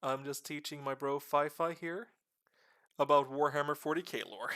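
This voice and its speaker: A man streaming live and explaining game lore to a friend in a casual, animated way with casual swearing. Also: on the high side, moderate pace, clear, resonant tone.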